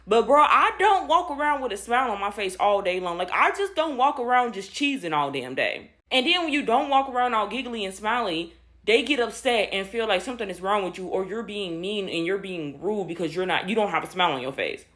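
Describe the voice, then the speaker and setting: A woman's voice: medium pitch, expressive, brisk, fairly bright tone. A woman ranting casually to camera, slangy and exasperated, calling the listener "bro". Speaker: social media commentator.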